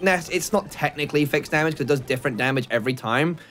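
A young man chatting casually while gaming, animated and quick to grumble about bad luck. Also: on the high side, soft background music. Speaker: co-host.

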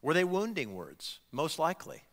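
Man, pastor, sermon, animated delivery, questions the congregation, swooping lively pitch, reverberant church hall. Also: normal speed. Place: church sanctuary.

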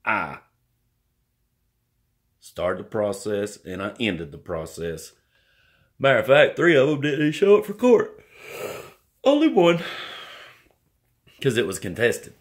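Slow-talking rambling man with swooping pitch. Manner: folksy, rambling, self-mocking, drawling country slang. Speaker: vlogger. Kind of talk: rambling casual monologue to camera.

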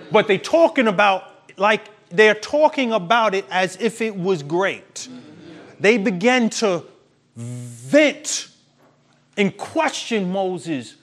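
High, lively, slow-preaching male pastor. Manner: emphatic, preachy, laughs at his own points. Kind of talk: sermon.

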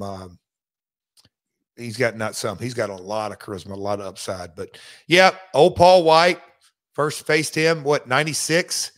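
A man hosting a podcast in casual chat, speaking haltingly and restarting often. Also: fairly low pitch, fairly bright tone. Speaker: podcast host, former wrestler.

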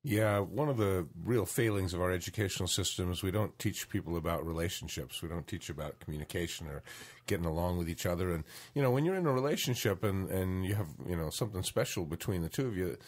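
A man's voice: deep voice, quick pace. A man co-hosting a talk show, chatting casually and using fillers like "you know" as he thinks aloud. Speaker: co-host. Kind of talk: conversational talk show chat.

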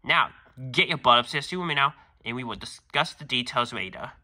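A man voicing an angry, strict father who lectures and shouts at his son in a fan-made cartoon skit. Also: mid-range voice, animated, normal speed, voice pushed down.

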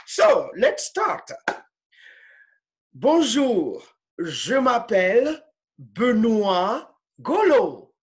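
Slow, animated woman teaching French. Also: on the high side. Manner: slow and patient, repeating phrases, mixing French and English; halting, with fillers and restarts. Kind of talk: online class lesson.

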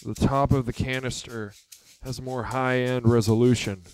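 A man giving a drum lesson, talking in a halting, earnest way and counting out beats as he demonstrates. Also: mid-range voice, little pitch movement, darkish tone, slight background noise. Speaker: drum teacher. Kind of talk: instructional demonstration.

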